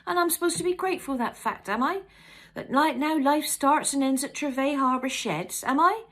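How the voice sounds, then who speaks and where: Fed-up fisherman's wife, sharp and indignant, pitched up, read by a woman. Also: very animated, fast, breathy edge, heavily acted. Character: harried middle-aged fisherman's wife, fed up.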